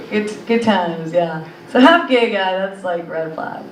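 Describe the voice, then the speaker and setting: A woman's voice: mid-range voice, expressive, unhurried, few pauses, a little hiss or hum. A young woman doing a stand-up set in a comedy club, rambling with lots of fillers. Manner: rambling, filler-heavy delivery. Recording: echoey club audio from a distance.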